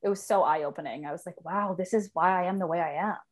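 A woman's voice: on the low side, quick pace. A young woman hosting a casual chat from her home office, talkative, laughing often and swearing casually. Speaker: podcast host.

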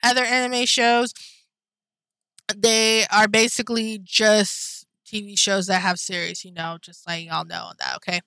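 A woman's voice: mid-range voice, little pitch movement, normal speed, gravelly, bright, forceful tone, clear, resonant tone, no echo. A young woman vlogging casually, rambling with lots of fillers and talking straight to her viewers, blunt and swearing when riled. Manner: rambling, chatty, full of fillers and asides to viewers. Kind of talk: casual anime chat.

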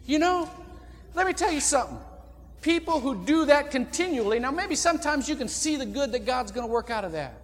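High-voiced folksy man preaching in a reverberant church. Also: brisk. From Indiana. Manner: folksy, animated preaching with sudden loud outbursts. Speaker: pastor. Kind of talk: sermon. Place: church sanctuary.

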